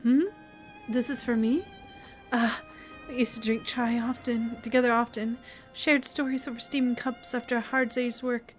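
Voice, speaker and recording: A woman voicing a grieving young villager in a fantasy game, speaking in a halting, hurt way. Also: on the high side, level tone, soft background music, voice pushed up, natural voice. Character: grieving young villager who lost a friend.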